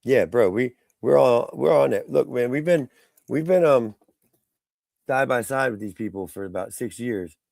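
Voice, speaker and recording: A man's voice: mid-range voice, expressive, normal speed, vocal fry, a little mellow, no room sound. A man hosting a casual live stream, rambling through his thoughts and mocking people in the chat. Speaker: livestream host.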